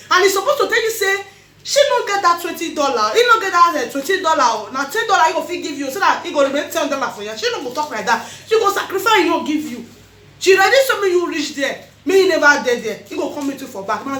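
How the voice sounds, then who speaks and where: A woman with a Nigerian accent, chatting casually in a vlog, animated and laughing often, repeating her phrases. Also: high-pitched, reverberant, a little hiss or hum. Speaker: vlogger host.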